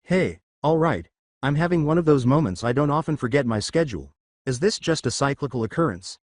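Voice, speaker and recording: A man's voice: medium pitch, expressive, darkish tone, no echo, close to an everyday voice. A man playing a hot-tempered ancient dragon goddess. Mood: playful. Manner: teasing, quick to anger.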